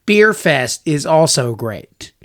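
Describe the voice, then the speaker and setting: A young man with a Southern US accent, chatting as a podcast co-host. His voice sits a little high for a man, and he tells stories in an animated way. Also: slow. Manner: animated storyteller, acts out quotes. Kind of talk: casual movie-review chat.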